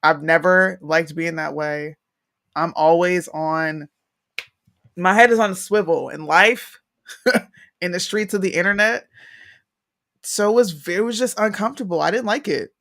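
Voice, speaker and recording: Frank young woman chatting candidly. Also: fairly low pitch. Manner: frank, animated storytelling, quick asides. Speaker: podcast co-host. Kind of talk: candid casual chat.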